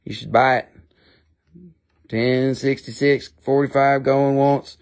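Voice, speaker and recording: A man with an Appalachian accent hosts a live rock sale with a rambling, joking manner. His voice sits a bit high with a gravelly fry. He chats casually to viewers. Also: fairly even intonation, fairly quick. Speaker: live-stream rock seller. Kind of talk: casual live sales chat.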